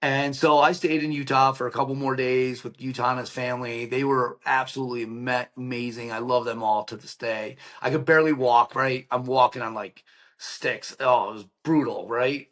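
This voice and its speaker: A middle-aged man of ordinary pitch, a podcast guest, spinning a personal story with lively energy. He keeps a casual, run-on flow full of "like" and "right?" and slips into the voices of the people in his tale. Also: normal speed. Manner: animated storyteller, acts out quoted dialogue, many "like" and "right?" fillers. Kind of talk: emotional personal storytelling in an interview.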